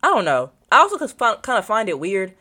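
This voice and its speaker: A young woman talks straight to her viewers in a loose, casual vlog. She rambles and thinks out loud, with lots of filler while she hunts for something on her phone. Her voice sits at a middling pitch. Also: wildly swooping pitch, fast talker. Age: young adult. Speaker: college student vlogger.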